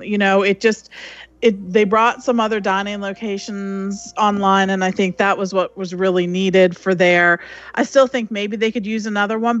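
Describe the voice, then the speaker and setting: Female co-host, mid-range pitch, agreeable and thoughtful, casual podcast chat. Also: a bit bright, lo-fi sound. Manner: agreeable, thoughtful, hesitant fillers.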